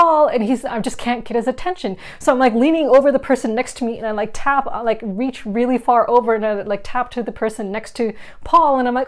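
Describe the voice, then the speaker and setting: Young woman vlogger, higher-pitched, chatty storyteller who laughs a lot; casual tone. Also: a little fast. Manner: chatty, laughs often, many "like" fillers. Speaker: board game vlogger.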